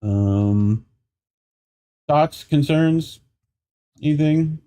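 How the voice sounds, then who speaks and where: Co-hosting an independent news show, this young man reads news items very slowly, cutting into sarcastic riffs between quoted passages for casual commentary. His voice is on the high side, animated, warm, and clean.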